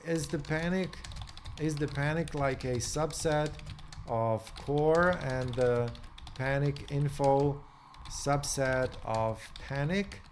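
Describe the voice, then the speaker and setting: A man in a casual coding vlog, thinking aloud in a halting way, full of restarts and questions to himself, and reading documentation aloud in quick bursts. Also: on the high side, a little hiss or hum. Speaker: programmer vlogger.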